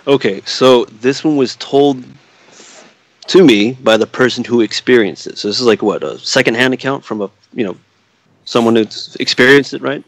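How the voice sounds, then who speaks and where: A man's voice: mid-range voice, moderate pace, no echo, poor audio. A man on a podcast casually telling a spooky story, swearing freely and acting out the quoted dialogue.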